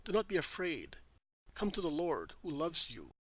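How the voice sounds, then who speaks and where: A man's voice: fairly high pitch, wildly swooping pitch, moderate pace, fairly bright tone, dry recording, exaggerated voice, low-quality recording. Solemn, consoling male teacher figure in a spoken storybook, as a male reader puts him on. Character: gentle, authoritative male healer and teacher.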